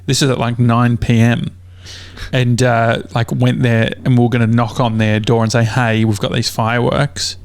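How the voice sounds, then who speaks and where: A young Australian man hosts a casual podcast, telling a long, rambling story with plenty of fillers and frequent swearing. His medium-pitched voice shows little pitch movement and moves at a moderate pace; it is darkish, clear and resonant, with no room sound.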